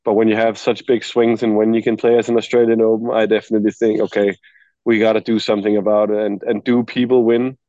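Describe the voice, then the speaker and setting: Low, mellow man on a muffled call. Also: level tone, quick pace, no echo. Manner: thinks aloud with many restarts. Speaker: tennis coach, panelist. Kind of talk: casual chat.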